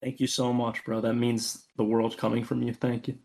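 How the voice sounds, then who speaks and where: A young man co-hosting a casual, jokey chat that ranks game characters, his voice jumping up high for playful bits. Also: moderate pace, vocal fry. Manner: animated, jokey, pitch jumps up for bits. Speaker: co-host ranking game characters. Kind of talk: casual banter.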